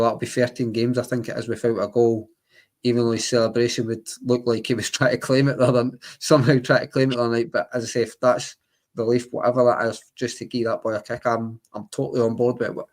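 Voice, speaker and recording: A man's voice: mid-range voice, darkish tone. A man co-hosting a football podcast, chatting casually and circling back over his words. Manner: chatty, repeats himself, laughs now and then. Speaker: podcast co-host.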